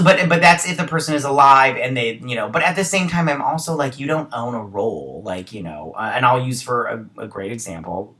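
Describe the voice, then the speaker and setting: A man's voice: medium pitch, pushed and bright. A man hosting a casual entertainment news roundup, reading articles and breaking off into rambling, opinionated asides. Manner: rambling, opinionated asides between read-out passages. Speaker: host.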